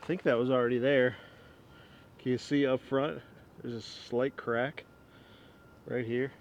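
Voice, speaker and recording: Outdoors in the wind, a man in his twenties who vlogs about woodworking demonstrates an old axe with rambling, self-mocking chatter and frequent chuckles. He speaks unhurriedly in a level tone, with wind rumble behind him.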